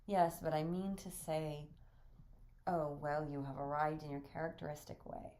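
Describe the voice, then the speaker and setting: A woman reading the lines of a genteel, teasing gentleman in a play. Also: sits low, flat delivery, normal speed, a little hiss or hum. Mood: courteous.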